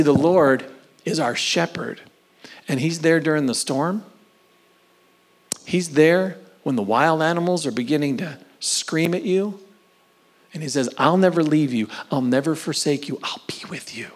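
Man preaching a sermon with dramatic dynamics. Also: fairly high pitch. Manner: dynamic preaching, swings from loud emphasis to soft whispers; slow, drawn-out emphasis on key phrases. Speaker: pastor.

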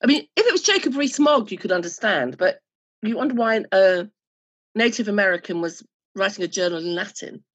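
Wry woman with a husky, lively voice. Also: medium pitch, a little fast, highs cut off. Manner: dry, wry asides, fills in details. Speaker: podcast co-host. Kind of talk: casual chat recapping a TV episode.

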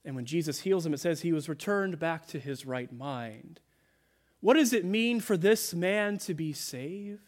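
A male pastor delivering a sermon in a church, his voice sitting a little higher than most men's. He speaks earnestly and drops to a soft, slow hush whenever he quotes someone. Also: animated. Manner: earnest preaching, dropping soft on quoted words. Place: church sanctuary.

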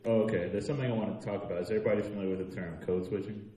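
Very deep-voiced man, off-mic. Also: steady tone, rapid-fire, echoey room, distant mic, a crowd in the background. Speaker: panelist. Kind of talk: panel discussion.

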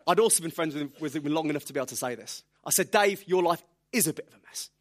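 A man preaching a sermon, telling lively stories with self-deprecating humor. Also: fairly high pitch, fast talker.

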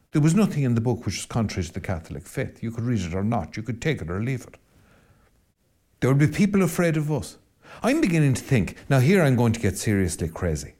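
Irish priest hosting a podcast, lively and rambling, low mellow tone, loud jabs then muttered asides. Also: male voice. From Ireland. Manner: animated, rambling and self-mocking, swinging between loud emphasis and low asides. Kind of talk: solo podcast monologue.

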